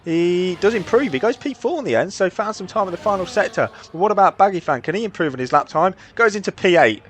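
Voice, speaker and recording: A man's voice: sits high, expressive, fast, a bit bright, faint music behind. A man doing upbeat play-by-play commentary for a live sim racing session, with frequent filler uhs.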